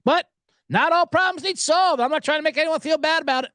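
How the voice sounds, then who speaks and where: A man's voice: extremely high pitch, fast talker, bright, forceful tone, no echo. Male betting-podcast host, rambling and jokey, dry close sound. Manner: rambling, joking, gets worked up. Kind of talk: casual sports betting podcast.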